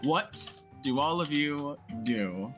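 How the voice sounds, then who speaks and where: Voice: mid-range voice, lively intonation, fairly bright tone, faint music behind. Game master narrating a tavern scene. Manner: narrates scenes with halting fillers.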